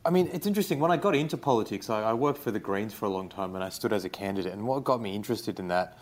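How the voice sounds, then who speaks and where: A young Australian man, a writer being interviewed, talking in a relaxed, rambling way with lots of fillers. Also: on the low side, rapid-fire. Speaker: guest, writer. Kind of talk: casual interview.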